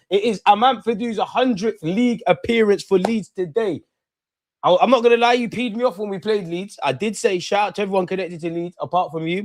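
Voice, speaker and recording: A young man, hosting a live football watch-along. He chats casually and excitedly in slang, speaking straight to his viewers. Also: sits high. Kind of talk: casual live-stream chat and commentary.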